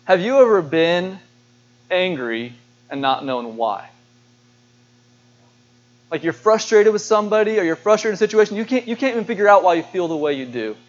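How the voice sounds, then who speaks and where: A male pastor delivering a sermon in a high voice. He is earnest and questioning and doubles back on his words. The sound is dull and lo-fi. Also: big pitch swings, normal speed, pauses often. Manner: earnest, asks the congregation questions, repeats words.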